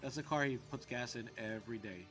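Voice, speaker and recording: A man's voice: medium pitch, brisk, fairly bright tone, faint music behind. A man co-hosting a podcast in casual chat, trading dry, sarcastic quips. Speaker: podcast co-host.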